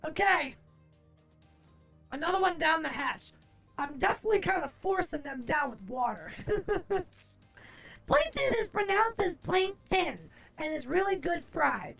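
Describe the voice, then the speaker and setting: A woman streamer chatting casually, answering chat aloud, groaning, swearing and expressive. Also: extremely high pitch, unhurried, gravelly, pauses often, soft background music. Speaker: livestreamer.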